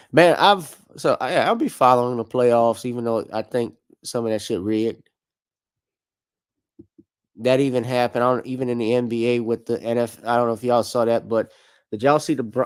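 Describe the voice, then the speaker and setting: Casual cussing sports-talk host. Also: male voice, medium pitch. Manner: loose, profane, joking. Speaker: podcast host.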